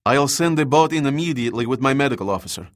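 A man voicing a brisk ship's captain. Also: mid-range voice, animated, voice pushed up, natural voice.

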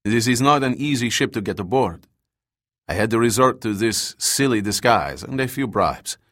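A man's voice: medium pitch, expressive, normal speed, fairly bright tone, dry recording, clean studio sound. A man reading the lines of a Soviet agent who speaks with mocking, genial politeness. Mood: genial menace.

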